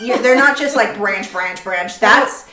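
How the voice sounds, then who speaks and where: A woman's voice: mid-range voice, measured pace, sharp tone, a little hiss or hum. Chatty woman art teacher, echoey room. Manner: chatty, reads viewer comments aloud, coaching. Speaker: art teacher and livestream host. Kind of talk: casual livestream chat while teaching. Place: home studio, indoors.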